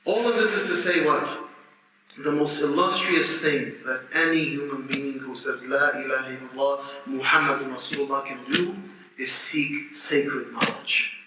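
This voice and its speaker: Guy in his 30s teaching a class, lively storytelling, far off mic, roomy hall echo, bit of noise. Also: on the high side, a little slow. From United States. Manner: animated storytelling, laughing, restarts. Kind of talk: lecture to students. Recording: echoey hall, distant mic, faint noise.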